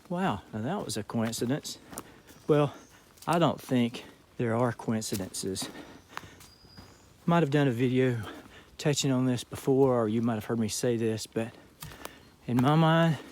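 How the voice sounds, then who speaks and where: A man with a Southern Georgia accent telling a story outdoors as he hikes, in a relaxed, reflective vlog manner. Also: mid-range voice, a little hiss or hum. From southern Georgia, USA. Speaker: thru-hiker vlogger. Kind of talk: casual trail vlog talk. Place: outdoors on a hiking trail.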